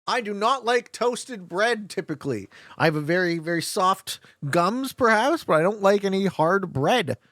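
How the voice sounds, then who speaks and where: A man's voice: high-pitched, animated, normal speed, hardly any pauses, fairly bright tone, dry recording, clean studio sound. A young man streaming a strategy game, chatting casually, joking and laughing often as he answers chat. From Canada.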